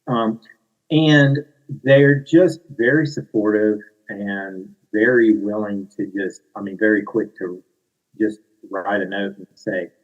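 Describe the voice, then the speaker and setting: A man's voice: lowish voice, slow, phone-quality sound. A middle-aged man with a Southern US accent, a children's book author answering interview questions in a modest, self-deprecating way.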